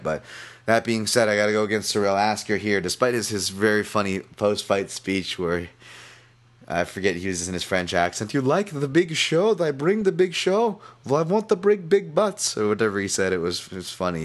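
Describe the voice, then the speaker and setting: A man's voice: deep voice, a bit bright. A man hosting a podcast, talking through his fight picks in a rambling, self-deprecating way, often restarting sentences. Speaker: podcast host. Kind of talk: casual betting analysis monologue.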